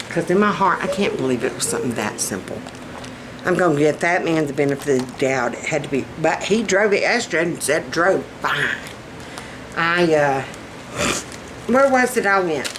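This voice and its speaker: A woman's voice: low voice, noisy background. A woman with a Southern US accent chatting to camera in a folksy, exclaiming way as a vlogger. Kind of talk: casual chat to camera.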